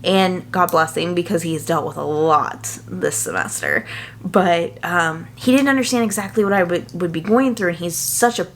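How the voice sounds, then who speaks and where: A young adult woman, a nursing student, chatting casually and earnestly to her viewers, full of fillers and quick asides. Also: on the low side, lively intonation, a little hiss or hum. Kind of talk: casual chat to camera.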